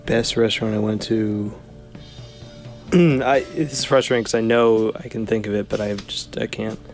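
A man's voice: fairly low pitch, steady tone, normal speed, faint music behind. A young man with a New Jersey accent, a podcast guest who rambles in casual chat with dry humor and often trails off.

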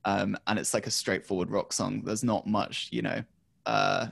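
Male co-host, low gravelly voice, dry close mic, rambling talk. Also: little pitch movement, normal speed, fairly bright tone, no room sound. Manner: rambling, many ums and restarts. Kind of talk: casual music chat.

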